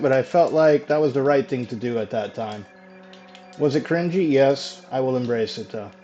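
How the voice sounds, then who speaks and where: Male game streamer, loose and chatty, mid-pitched voice, muffled home mic with faint music under it. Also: darkish tone. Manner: chatty, casual swearing, quick laughs. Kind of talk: casual live gameplay chat.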